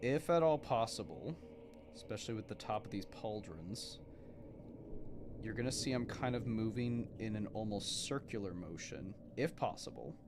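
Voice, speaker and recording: A man's voice: on the low side, lively intonation, moderate pace, background noise. A man chatting casually while painting miniatures on a live stream, answering chat and joking at himself. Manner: chatty, self-mocking, answers chat questions. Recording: music playing behind.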